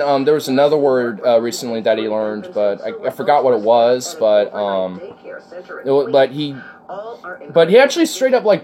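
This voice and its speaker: A man's voice: mid-range voice, darkish tone. A man chatting casually with viewers on a live stream, rambling, with many fillers and restarts. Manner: rambling, filler-heavy, laughs often.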